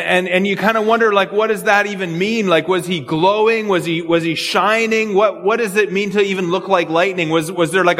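A man with a fairly high voice preaches a verse-by-verse sermon, earnest and searching, often repeating a word as he gathers his thought. His voice rings with a long reverb, as in a large church hall. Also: a bit bright. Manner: earnest, repeats words when thinking aloud. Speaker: pastor. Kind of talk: expository sermon.

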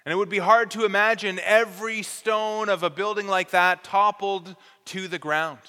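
A man preaches with a high, bright voice and teaches earnestly, stressing key words. His tone is smooth and clear. A long reverb trails each phrase, as in a large hall. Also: steady tone, moderate pace. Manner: earnest, explanatory teaching with careful emphasis. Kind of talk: expository sermon.

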